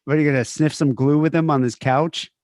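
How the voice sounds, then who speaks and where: A man's voice: a little high, fairly even intonation, brisk, a crowd in the background. A man co-hosting a podcast in casual chat, rambling, swearing a lot and trailing off mid-sentence. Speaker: podcast co-host.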